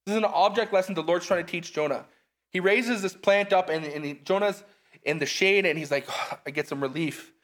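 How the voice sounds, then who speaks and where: A man preaching a casual sermon, reading scripture aloud and breaking off for relaxed, conversational asides. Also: high voice, fairly quick.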